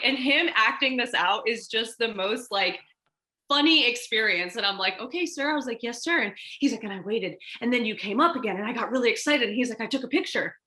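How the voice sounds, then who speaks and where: Bright-voiced woman telling stories. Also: fairly high pitch. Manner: animated, acts out quoted dialogue. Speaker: stunt performer and martial artist guest. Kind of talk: casual interview storytelling.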